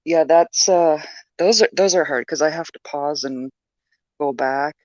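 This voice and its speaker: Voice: mid-range voice, unhurried, no echo, dull audio. Voice-chat guest talking casually. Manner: repeats words, laughs easily. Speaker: YouTuber guest on a stream. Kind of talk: casual chat on a live stream.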